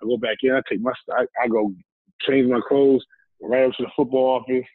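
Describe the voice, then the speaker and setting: A man's voice: medium pitch, steady tone, brisk, no echo. Easygoing man telling a story over a tinny line. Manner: easygoing, rambling, recounts scenes with quoted dialogue. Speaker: guest, former football player. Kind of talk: casual storytelling. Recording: tinny, phone-like dry line.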